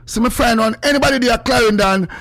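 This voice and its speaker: A man with a Jamaican accent hosting a gospel radio show, chatting excitedly and slipping into sing-song. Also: very high-pitched, fast talker. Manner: excitable, breaks into sing-song, loud exclamations. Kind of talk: casual radio chat.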